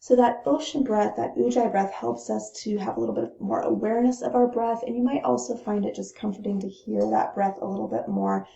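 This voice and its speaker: A woman teaching breathing techniques in a calm, instructional way, pausing to demonstrate the breaths. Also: mid-range voice, vocal fry. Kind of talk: gentle instructional talk. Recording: roomy, dull lo-fi sound.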